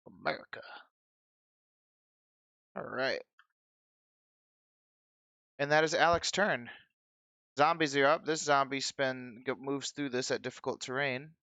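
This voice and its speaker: Gravelly-voiced man running a tabletop game. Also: mid-range voice, measured pace, pauses often, no echo. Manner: relaxed, explains rules, joking asides. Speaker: game master.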